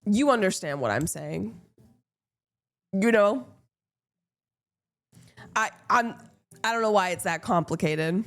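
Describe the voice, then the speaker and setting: A woman's voice: mid-range voice, expressive, slow, pauses often. Blunt, swearing woman streamer. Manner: blunt, swears freely, playful teasing. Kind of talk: casual chat with viewers.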